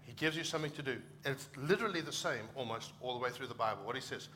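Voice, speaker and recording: A man's voice: mid-range voice, quick pace, few pauses, bright, forceful tone, a little hiss or hum. A middle-aged man from Africa, a pastor preaching a conversational sermon and acting out short quoted exchanges.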